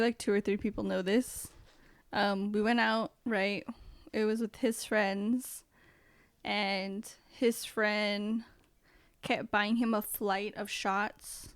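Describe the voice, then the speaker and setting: A young woman, a podcast guest, telling lively, profane stories in casual chat and acting out her own past lines. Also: mid-range voice, slow, clean tone, dry recording, studio quality. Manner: animated, swearing storyteller who acts out her own past lines.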